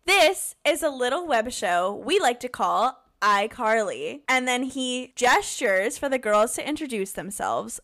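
A young woman co-hosting a casual podcast, recapping scenes in a loud, playful way. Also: on the high side, animated, a little slow, hardly any pauses. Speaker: podcast co-host. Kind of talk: casual rewatch podcast chat.

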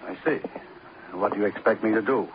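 A man's voice: fairly low pitch, fairly quick, background noise, natural voice. An actor playing an arrogant toy company boss who blusters and then begs for his life in an old radio drama. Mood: indignant. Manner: indignant and blustering, breaking into terrified pleading. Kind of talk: 1940s radio acting. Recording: muffled old radio broadcast.

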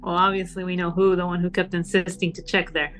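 A woman's voice: on the low side, level tone, fast talker, fairly bright tone, soft background music. A female podcast co-host in casual chat, cutting in with incredulous banter.

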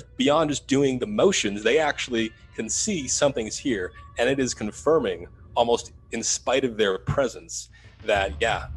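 Guy telling a ghost hunt story, mid pitch, faint music under it. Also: rough recording. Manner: animated retelling, rising to loud urgency. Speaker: paranormal investigator. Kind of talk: storytelling in a podcast interview.

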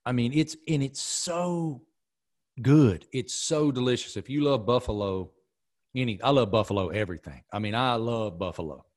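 A man's voice: fairly low pitch, fairly quick. A middle-aged man hosting a podcast, telling stories in a casual, emphatic way. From American South. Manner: animated storyteller, emphatic. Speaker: podcast host. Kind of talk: casual chat.

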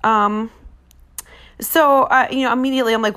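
A woman's voice: fairly high pitch, fairly even intonation, normal speed, a bit bright. A woman, chatting on her podcast in a rambling way, full of fillers and self-corrections. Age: 40s. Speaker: podcast host. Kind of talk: casual chat.

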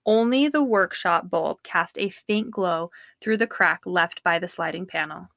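A woman co-host reads aloud from a true-crime book in a steady, measured storytelling voice. Her tone is bright and forward. The sound is close and dry. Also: on the low side, no room sound. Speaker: podcast co-host.

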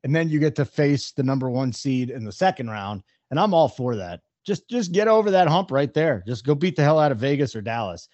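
A man hosting a casual sports talk show, opinionated and brisk as he weighs odds and teams. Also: mid-range voice, lively intonation, darkish tone, dry recording, lo-fi sound. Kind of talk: casual sports radio chat.

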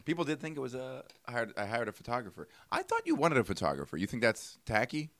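A man's voice: mid-range voice, huge pitch swings, quick pace, dry recording. A man co-hosting a podcast, casually telling a rambling story and acting out both sides of the conversation. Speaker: podcast co-host. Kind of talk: casual chat.

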